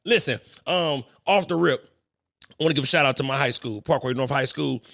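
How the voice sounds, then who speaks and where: Boastful, gravelly young male podcast host. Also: mid-range voice, fairly quick, no room sound, studio quality. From St. Louis, Missouri. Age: young adult. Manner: boastful, animated, profane trash talk. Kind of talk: casual chat.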